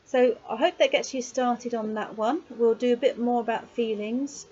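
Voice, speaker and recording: A woman giving a casual video lesson on writing poetry, chatty and encouraging, with frequent pauses and digressions. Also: fairly high pitch, fairly even intonation, dark tone. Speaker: poetry workshop teacher. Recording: slightly dull lo-fi sound with faint noise.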